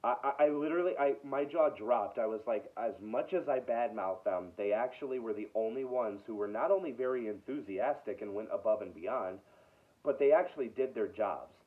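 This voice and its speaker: A man's voice: mid-range voice, normal speed. Guy ranting about his day, fed up, keeps restarting sentences, thin phone-ish audio. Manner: exasperated, repeats himself. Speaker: video host. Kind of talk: casual ranting story. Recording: tinny phone-like sound.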